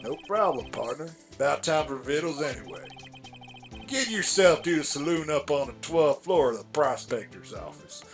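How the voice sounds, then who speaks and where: A man's voice: on the high side, sing-song, moderate pace, faint music behind. A man doing a drawling cowboy guard. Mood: folksy. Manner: cowboy drawl, folksy slang. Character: drawling old-West cowboy guard, male, folksy. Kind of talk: reading game dialogue on a live stream.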